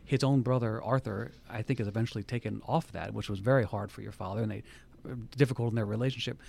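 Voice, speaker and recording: Fast-talking gravelly male interviewer. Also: fairly low pitch, fairly even intonation, darkish tone. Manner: fast, prompting, fills in details.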